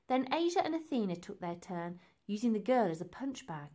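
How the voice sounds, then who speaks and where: A woman reading a children's book aloud, expressive and unhurried. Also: medium pitch. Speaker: reader. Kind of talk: storybook read-aloud.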